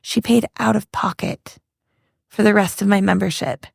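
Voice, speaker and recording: A woman speaks into a close podcast mic, recounting her past with candid earnestness. Her voice carries a light gravelly edge, and the sound is dry and close. She stops and restarts often as she searches for the right words. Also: medium pitch, fairly even intonation, no echo. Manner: earnest, halting, many restarts and fillers. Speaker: podcast guest. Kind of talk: candid personal storytelling.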